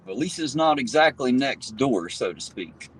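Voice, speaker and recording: A man with a Southern twang, chatting casually and profanely with his livestream viewers as he drives on the highway. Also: lively intonation, normal speed. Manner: folksy, profane, joking with chat. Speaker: livestream host. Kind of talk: casual livestream chat while driving. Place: inside a car on the highway. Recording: loud road noise, mic off at a distance.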